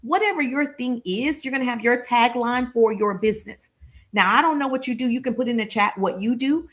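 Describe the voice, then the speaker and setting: A middle-aged woman, a sales and marketing business coach, giving an energetic live-streamed coaching talk that often acts out little dialogues. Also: fairly quick. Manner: energetic, repetitive, acts out little dialogues with high-pitched voices.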